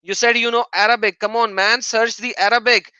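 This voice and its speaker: Man, livestream host, mocking and sarcastic, bright tense voice, dry sound. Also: very high voice, steady tone, brisk, clean tone, dry recording, lo-fi sound. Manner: taunting, sarcastic, mocking laughter. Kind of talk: live-stream debate chat.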